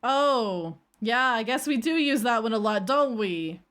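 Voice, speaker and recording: A woman streaming casually, reacting to her old clips in an animated, self-mocking way. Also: on the high side, a little slow. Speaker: VTuber streamer.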